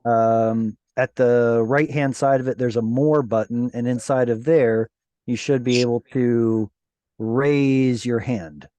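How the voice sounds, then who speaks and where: A man teaching a Hebrew class over a video call, explaining patiently and sounding out Hebrew words slowly. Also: medium pitch, steady tone, mellow, no echo.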